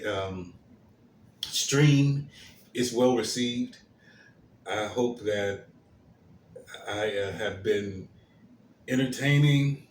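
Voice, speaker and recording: A man hosting his own commentary stream, talking in a halting way with many fillers and restarts, his phrases trailing off softly. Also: on the low side. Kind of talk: slow, hesitant solo commentary. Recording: roomy echo, faint background hiss.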